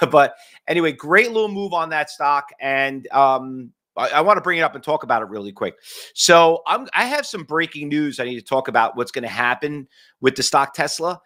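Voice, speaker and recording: Excitable New York trading-show host. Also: male voice, moderate pace. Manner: excitable, chatty, jumps up in pitch when fired up. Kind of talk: live-streamed market commentary.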